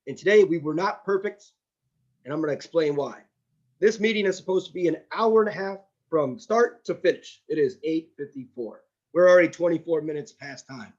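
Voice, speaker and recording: A man giving a brisk, upbeat, direct evaluation of an online speech-club meeting. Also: fairly high pitch. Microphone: video call. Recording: dull lo-fi video call audio.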